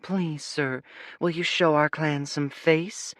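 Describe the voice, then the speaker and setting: A man voicing a young female spy who puts on a fake, high, sing-song voice to seem a meek servant. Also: fairly even intonation, slow, a bit bright, dry recording, clean studio sound. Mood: meek, pleading. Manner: pleading, meek. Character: young woman spy feigning shy servant.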